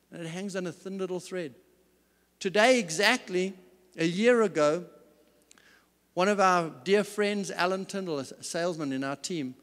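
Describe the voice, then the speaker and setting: Earnest high-voiced man in a hall. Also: fairly bright tone. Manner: earnest, emphatic storyteller. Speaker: company CEO speaker. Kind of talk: faith-based business talk. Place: large event hall. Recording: reverberant hall sound.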